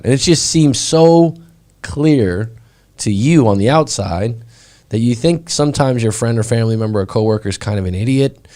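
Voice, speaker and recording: A man's voice: on the low side, creaky, dark tone. A man hosting a live stream as a breakup coach, talking in a chatty way and often asking "right?". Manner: chatty, frequently asks "right?".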